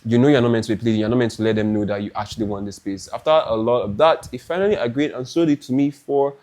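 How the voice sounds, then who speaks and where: A young Nigerian man with a Nigerian accent, telling a lively, dramatic story in a chatty clothing haul vlog. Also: medium pitch, quick pace. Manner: animated, dramatic, restarts often. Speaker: fashion vlogger.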